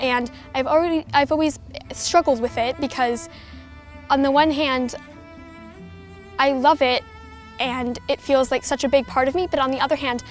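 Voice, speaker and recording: High-voiced young woman poet over music. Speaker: youth poet laureate. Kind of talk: spoken-word poem and reflective talk. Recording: music under the voice.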